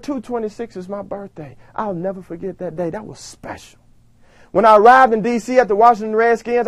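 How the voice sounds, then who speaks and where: A man giving a motivational speech, telling his story dramatically and swinging from loud bursts to hushed lines. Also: very high-pitched, dry recording. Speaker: motivational speaker.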